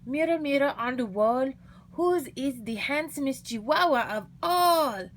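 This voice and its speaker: A woman's voice: medium pitch, expressive, slow pace, sharp tone, a little hiss or hum, exaggerated voice. A woman voicing a playful, boastful kitten boy with a bouncy, sing-song manner. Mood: grand. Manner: sing-song, bouncy, fake Spanish flair.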